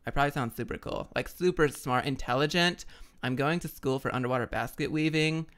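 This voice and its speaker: A man voicing a bubbly, ditzy young Valley Girl woman, gushing with a drawn-out, sing-song Valley Girl accent. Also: medium pitch, fairly bright tone, close to an everyday voice. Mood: airy bragging. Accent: Valley Girl put-on.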